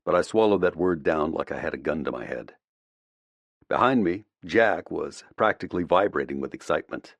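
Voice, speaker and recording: A man narrating a first-person audiobook in a measured, reflective way, close to the mic. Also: low-pitched, animated, no room sound.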